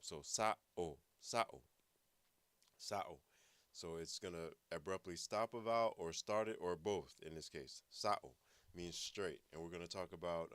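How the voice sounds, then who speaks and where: A man's voice: low-pitched, dry recording. A man teaching a language class, patiently explaining and repeating words for practice. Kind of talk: online language lesson.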